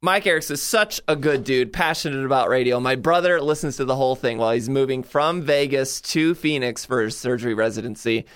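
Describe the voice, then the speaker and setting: A man's voice: mid-range voice, smooth, no echo. A man hosting a radio-industry podcast in a studio, brash and joking as he runs through his guest's career. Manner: brash, joking, quick to swear. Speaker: podcast host. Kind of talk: casual chat.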